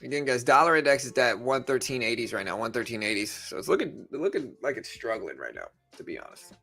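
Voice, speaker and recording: Young male livestream host, gravelly and bright, easygoing chat. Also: medium pitch, big pitch swings, quick pace, soft background music. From Louisiana, USA. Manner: loose, chatty, answers viewer comments. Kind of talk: casual live-stream chat.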